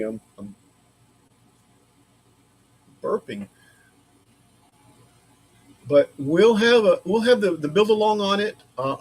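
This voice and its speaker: A man's voice: on the high side, slightly rough. A man chatting casually on a livestream from his woodworking shop, rambling and thinking aloud as he works. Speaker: maker streaming a laser-cut build.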